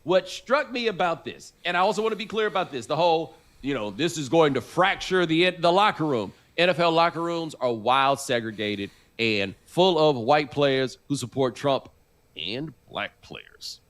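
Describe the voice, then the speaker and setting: A man's voice: on the high side, expressive, normal speed, fairly bright tone. A man co-hosting a live sports talk stream, arguing his point and pressing with questions. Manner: argumentative, pressing with "okay?" and "all right?".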